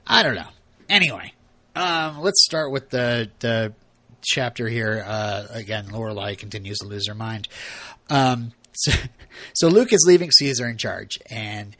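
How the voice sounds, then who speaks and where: A man's voice: mid-range voice, a little slow, pushed and bright, no echo. A man casually recapping a TV episode as a podcast co-host, chatty and full of laughs and fillers.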